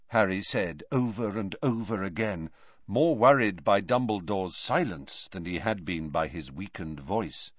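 A man's voice: deep voice, lively intonation, a little slow, no echo, muffled recording. A man reading a fantasy novel aloud as an audiobook narrator, with dramatic, swelling delivery. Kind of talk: scripted narration.

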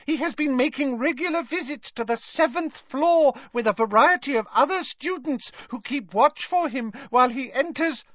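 A reader voicing an eager, earnest male house-elf with a squeaky voice in an audiobook. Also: moderate pace, hardly any pauses, fairly bright tone, dry recording. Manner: earnest, refers to himself in third person. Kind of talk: audiobook character voice. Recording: dry, dull lo-fi recording.

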